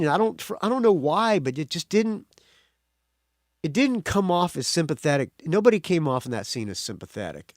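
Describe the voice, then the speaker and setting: A man's voice: high voice, no echo, studio quality. A male podcast host giving a casual movie review monologue, blunt and profane, with frequent restarts.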